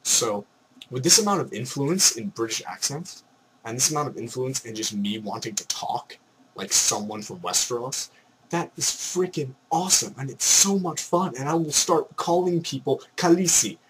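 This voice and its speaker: A young man from Canada ranting excitedly in a vlog, slipping into mock voices as he goes. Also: medium pitch, normal speed, a little hiss or hum. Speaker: vlogger.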